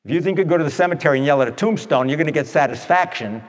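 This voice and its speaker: A man telling stories to an audience in a blunt, animated way, tossing in rhetorical questions. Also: a little high, very fast. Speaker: speaker addressing an audience. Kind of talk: storytelling talk to an audience. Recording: long echoey hall reverb.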